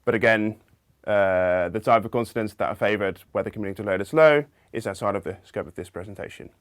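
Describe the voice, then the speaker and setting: Low-voiced man giving a methodical lecture. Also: fast talker, no echo, studio quality. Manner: methodical, step-by-step explaining. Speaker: linguistics presenter. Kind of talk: explanatory video lecture.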